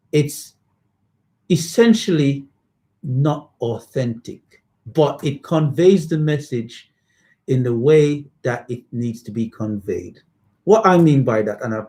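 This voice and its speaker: Guy chatting on a podcast, fast and lively, stumbles and restarts, switches into patois sometimes. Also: medium pitch. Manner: animated, stammers and restarts, slips into patois. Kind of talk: casual podcast discussion.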